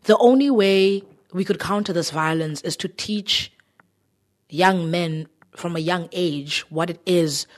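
Female stage actress, low voice, measured and reflective, earnest interview answers.

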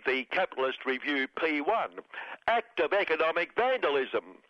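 A man's voice: fairly high pitch, sing-song, normal speed, no room sound. A man reads a satirical radio commentary in a sarcastic, mock-solemn voice. The sound is dry and close, with little room around it. The broadcast is dull and lo-fi. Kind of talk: scripted satirical monologue.

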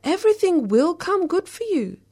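A condescending man barks orders and hushes again and again, loud and raised in pitch, as a woman puts him on. The lines come as a spoken word poem, with a scolding, repetitive rhythm. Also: sing-song, moderate pace. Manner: scolding, repeated hushing commands. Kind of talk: spoken word poetry performance.

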